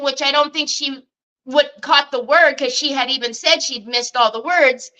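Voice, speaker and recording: Woman, high voice, bright tone, chatty craft livestream host. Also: poor audio. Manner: excitable, chatty, addresses viewers as y'all. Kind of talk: casual livestream chat.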